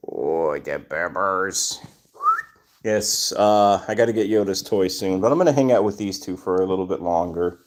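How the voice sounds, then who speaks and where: Low-voiced man chatting on a livestream. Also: brisk, few pauses, darkish tone. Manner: reads chat names aloud and greets viewers. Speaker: livestream host. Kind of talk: casual livestream chat.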